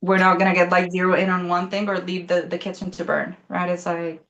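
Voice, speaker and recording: A young woman chatting casually as a guest, telling a story quickly with lots of fillers and the odd swear word. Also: on the low side, level tone, fairly bright tone. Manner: fast, rambling, many fillers, swearing.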